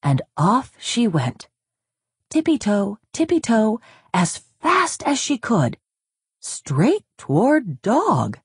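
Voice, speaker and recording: A woman narrating a children's storybook aloud in an expressive, sing-song way. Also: a little high, takes it slowly, husky, no room sound, studio quality.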